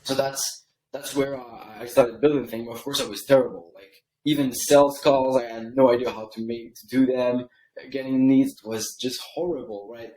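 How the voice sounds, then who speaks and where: A man from Canada tells his story as a podcast guest, rambling casually and checking in with "right?" after his points. His voice sits at a middling pitch. The room around him is echoey and reverberant. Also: steady tone, normal speed, dark tone. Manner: rambling, tags lines with "right?". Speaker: podcast guest, email copywriter.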